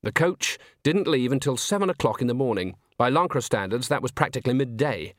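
A man narrating an audiobook in a measured, wry storytelling manner. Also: medium pitch, lively intonation, no echo, clean studio sound.

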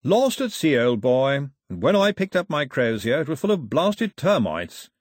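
A man's voice: medium pitch, big pitch swings, moderate pace, no room sound, studio quality, pitched above the performer's own voice. A man voicing a flustered, jolly old male bishop who chatters in a bumbling way, in an audiobook reading. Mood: chatty. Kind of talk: audiobook character voice.

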